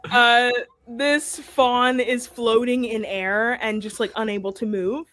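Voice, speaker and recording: A woman's voice: on the high side, steady tone, slow, a bit bright, no room sound. A woman runs the tabletop game as its narrator, describing events in a loose, giggly way with many asides. Her voice sits a little above a typical woman's. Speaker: game master.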